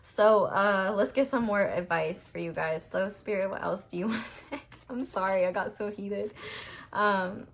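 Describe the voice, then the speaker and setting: A woman's voice: mid-range voice, normal speed, vocal fry. A young woman giving a tarot reading, talking casually, bluntly and passionately, with lots of "like" and a fired-up edge. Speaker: tarot reader.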